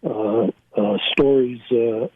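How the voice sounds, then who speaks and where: A man's voice: medium pitch, fairly even intonation, takes it slowly, slightly rough, dry recording. An older man, a former team scout, telling stories as a guest with many fillers and restarts, laughing at his own anecdotes. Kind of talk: storytelling in a casual interview. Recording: tinny phone line, dry.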